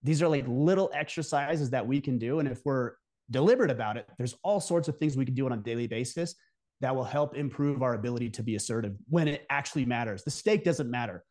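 A man guests on a podcast and lays out his advice in a direct, emphatic way. He speaks at an ordinary middle pitch in a casual interview manner. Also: quick pace, darkish tone.

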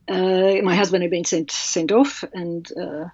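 A woman author telling a personal story in an interview, halting and emotional with many restarts. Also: fairly low pitch, steady tone, a little mellow, slightly rough, dry recording. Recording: dull, dry sound.

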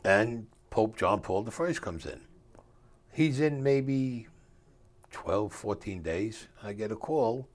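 As an interview guest, an older man tells a story in a fairly low-pitched voice. He speaks in a streetwise way with rough grammar and acts out the voices of people he's quoting.

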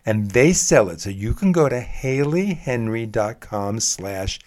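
A man's voice: mid-range voice, animated, a little slow, a little mellow. A man co-hosting a casual food talk show, conversational and careful, spelling out details. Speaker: co-host. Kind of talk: casual food-gift chat.

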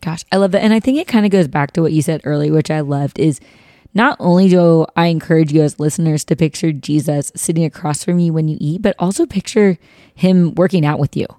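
A woman's voice: deep voice, brisk, warm tone, no echo, studio quality. A woman hosting a faith-based podcast, chatting casually and animatedly. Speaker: podcast host.

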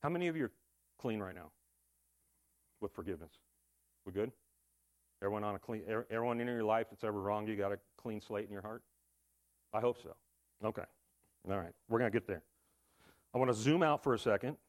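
A man preaching a sermon in a casual, conversational way, with asides and rhetorical questions. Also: on the low side. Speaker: pastor.

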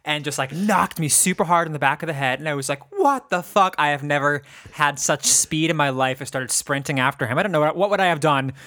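A man co-hosting a podcast, chatting casually and telling animated stories with plenty of swearing. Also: a little high, fast, few pauses, no room sound, studio quality. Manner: animated storyteller, swears freely. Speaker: podcast co-host. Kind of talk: casual chat.

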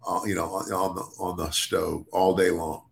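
Older man with a low, gravelly voice. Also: little pitch movement. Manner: halting, many restarts and repeated words. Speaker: podcast co-host and former wrestler. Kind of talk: casual podcast chat.

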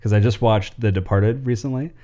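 Low-voiced chatty man co-hosting. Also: fairly quick, warm tone, lo-fi sound. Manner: loose and chatty, laughs easily, lots of ums. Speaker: podcast co-host presenting segments. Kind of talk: casual chat.

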